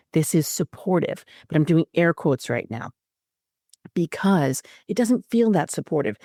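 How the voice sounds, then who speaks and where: A woman hosts an astrology podcast and talks through spiritual guidance in an expressive way, with frequent fillers. Her voice is low and mellow, recorded close and dry. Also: dry recording.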